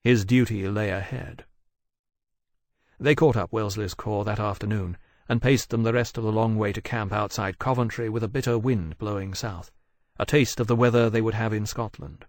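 A man narrating an audiobook in a measured, steady way. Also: on the low side, no room sound, studio quality.

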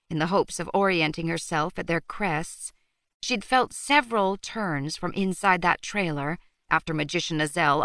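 A woman reading a novel aloud as audiobook narrator, in a steady, measured storytelling manner. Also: fairly low pitch, no echo. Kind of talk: scripted narration.

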